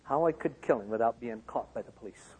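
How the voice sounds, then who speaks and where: A man from Michigan giving a personal testimony to an auditorium, swinging from loud outbursts to hushed lines. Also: medium pitch, brisk, breathy edge, muffled recording. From Michigan, USA. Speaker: speaker. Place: large auditorium. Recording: long hall reverb.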